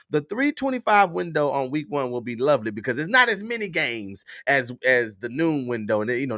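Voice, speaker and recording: A man's voice: a little high, fairly bright tone, no room sound, studio quality. Stuffy-nosed man chatting on a livestream. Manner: chatty, talks straight to viewers, restarts and fillers. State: stuffy nose. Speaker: livestream host. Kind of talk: casual livestream chat.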